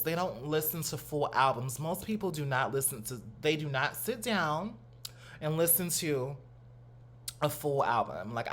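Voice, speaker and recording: Lively, animated young man chatting. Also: fairly high pitch. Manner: animated, chatty, full of slang and asides. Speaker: host. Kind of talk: casual reaction commentary. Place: at home. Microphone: new studio mic.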